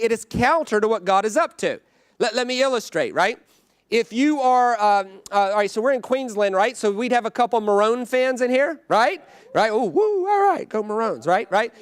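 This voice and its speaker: A guest preacher delivering a conversational sermon in a church, often checking in with the congregation. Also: male voice, very high-pitched, a bit bright, smooth, no echo, studio quality. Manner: conversational, keeps asking "right?".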